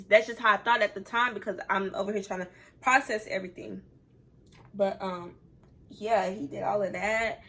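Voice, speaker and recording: A woman's voice: mid-range voice, a bit bright. A young woman telling a personal story time on her vlog, candid and chatty, talking straight to her viewers and close to tears at times. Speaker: vlogger.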